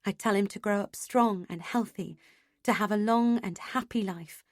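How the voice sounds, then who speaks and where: A woman reading a first-person audiobook in an expressive, emotionally engaged way. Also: medium pitch, moderate pace, dry recording. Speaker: audiobook narrator.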